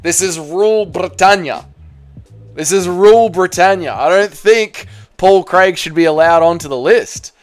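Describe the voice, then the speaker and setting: A young man hosts a casual livestream, bantering loosely with chat in slangy talk full of "mate" and "bro". His voice sits a little high for a man. Faint music runs underneath. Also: measured pace. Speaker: livestream host.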